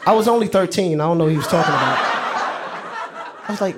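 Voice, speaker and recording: A teenage boy tells a story from his own life on stage. His voice sits a bit higher than most men's, and he talks in a loose, slangy way, often laughing along with his own words. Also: animated, fast, very noisy. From New York. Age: teens. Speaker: student storyteller. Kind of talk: live personal storytelling.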